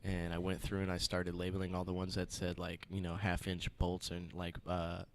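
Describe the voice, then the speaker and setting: A man's voice: sits low, monotone, moderate pace, a little hiss or hum. A young man co-hosting a casual chat, telling stories with lots of laughter and swearing. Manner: laid-back, laughs often, swears, acts out others. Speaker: podcast co-host.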